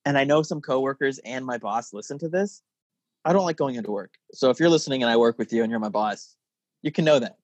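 A man's voice: mid-range voice, fast talker, dry recording. Joking man hosting a podcast chat. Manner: joking, animated, laughs often. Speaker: podcast host. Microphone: podcast mic.

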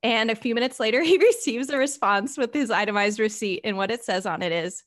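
A woman's voice: a little high, brisk, hardly any pauses. A woman podcast host telling a story in a conversational way, acting out the characters' lines as she goes. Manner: animated storyteller, acts out quoted characters.

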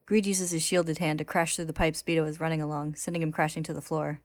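A woman narrating a story recap in a steady, plain retelling voice. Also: sits low, fast, no echo, clean studio sound.

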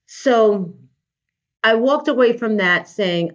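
A woman, a life coach, telling an animated story in a casual interview and acting out the voices of the people she quotes. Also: a little high, moderate pace. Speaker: guest, life coach and trainer. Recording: dull lo-fi recording.

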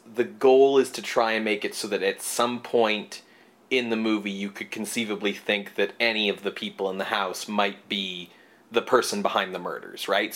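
A man's voice: lowish voice, fairly bright tone. A man co-hosting a casual movie podcast, talking in rambling stretches full of fillers and restarts. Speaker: podcast co-host. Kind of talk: casual movie review chat.

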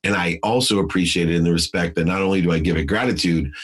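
Middle-aged guy, super low husky voice, preachy motivational story on a podcast. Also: quick pace. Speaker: guest. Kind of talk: personal story and advice in a podcast interview.

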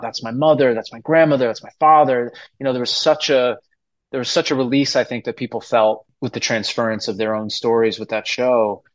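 A man in his forties, a musical theater actor appearing as a guest on a podcast, speaks earnestly and emotionally in a casual interview chat, restarting his sentences often. His voice is medium-pitched, and the recording is dry and dull.

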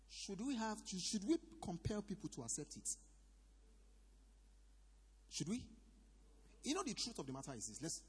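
A man's voice: fairly high pitch, slightly rough. A man with a Nigerian accent preaching a sermon as pastor in a church hall, calling out questions for the congregation to answer. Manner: preaching with shouted call-and-response. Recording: reverberant hall.

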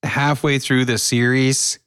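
A man with a Canadian accent co-hosting a podcast, tossing out quick joking quips in casual chat. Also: mid-range voice, flat delivery, fairly bright tone, clean tone, dry recording, clean studio sound. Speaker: podcast co-host. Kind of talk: casual chat among friends.

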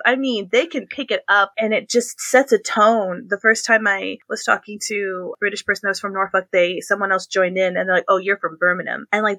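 An American woman hosts a casual talk show, animated and often laughing. Her voice is bright and forward, and it leaps high in pitch for emphasis. The sound is close and dry. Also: dry recording. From United States. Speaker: host. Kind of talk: casual chat.

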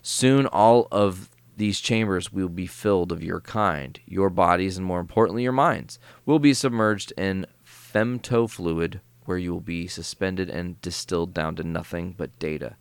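A man reading aloud as a cold, polite male robot villain who speaks in a calm, formal, mock-apologetic way. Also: sits low, a little slow, hardly any pauses, smooth, no echo. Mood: calm menacing. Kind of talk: reading comic dialogue aloud.

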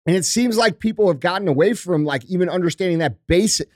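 A man's voice: high voice, quick pace, a little mellow, no room sound, clean studio sound. A middle-aged man on a podcast, talking in a blunt, emphatic, profanity-heavy rant. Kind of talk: casual podcast chat.

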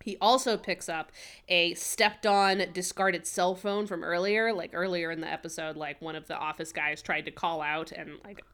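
A woman co-hosting a podcast casually recaps a TV episode, rambling, laughing often, and packing her speech with fillers. Her voice sits on the low side and is a bit bright, with a steady tone and moderate pace.

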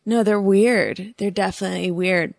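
A woman's voice: mid-range voice, fairly even intonation, normal speed, vocal fry, a little mellow, no echo. A woman from Oakland, California, hosting a podcast and joking her way through a casual phone chat. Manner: joking, playful, breaks into silly voices. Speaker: podcast host.

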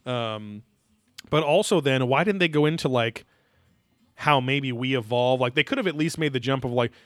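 A man's voice: medium pitch, moderate pace, no echo. A man hosting a podcast, talking in a loose, rambling way, full of fillers and crude jokes. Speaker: podcast host. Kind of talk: casual commentary chat.

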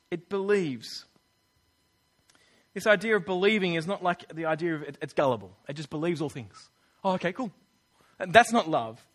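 A man's voice: high-pitched, fairly bright tone. A man preaching a sermon in an earnest, conversational way. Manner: earnest, conversational, acts out quoted voices.

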